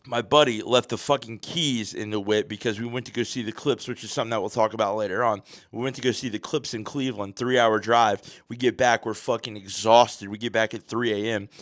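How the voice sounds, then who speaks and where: A man's voice: on the low side, steady tone, fairly quick, few pauses, fairly bright tone, dry recording, studio quality. A man hosting a podcast, telling a story in a casual, profane, slang-heavy way. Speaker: podcast host.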